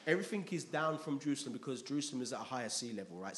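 A man's voice: mid-range voice, expressive, quick pace. A man preaching a conversational sermon in a church, reading scripture aloud and often checking in with his congregation.

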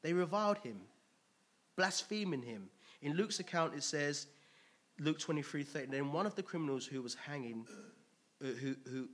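A man preaching a conversational, animated sermon, laughing often and restarting his sentences. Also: a little high, moderate pace. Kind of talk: expository sermon.

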